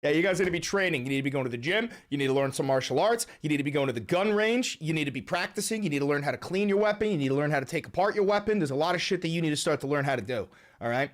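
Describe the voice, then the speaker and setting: Male live streamer, raised pitch, excitable and foul-mouthed ranting, casual chat from home. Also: racing.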